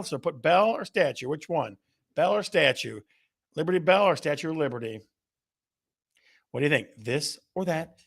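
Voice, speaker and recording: Upbeat gravelly-voiced male livestream host. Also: fairly high pitch, fairly bright tone. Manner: upbeat, playful, reads out viewer comments. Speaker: host of a real estate live show. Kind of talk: casual livestream chat with viewers.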